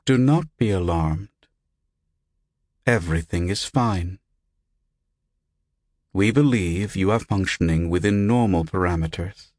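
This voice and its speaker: A man voicing an unseen doctor whose recorded voice is flat and without intonation. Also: low voice, takes it slowly, no echo, clean studio sound. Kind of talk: audiobook character voice.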